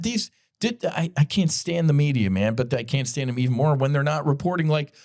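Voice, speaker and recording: A man's voice: on the high side, lively intonation, fairly quick, few pauses, a little mellow. A middle-aged man hosting a podcast, delivering an impassioned, blunt commentary monologue with frequent profanity and direct appeals to his listeners. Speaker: podcast host.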